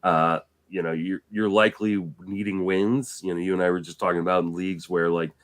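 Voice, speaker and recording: A man's voice: deep voice, fairly quick. A man co-hosting a podcast while still getting over an illness, telling stories casually with some swearing. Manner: storytelling, animated, swears casually. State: recovering from illness. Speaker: podcast co-host. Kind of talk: casual chat.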